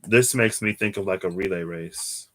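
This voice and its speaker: A man's voice: low-pitched, normal speed, bright, forceful tone. A man doing a casual live tarot reading, chatty and given to laughing and wandering off into asides. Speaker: tarot reader.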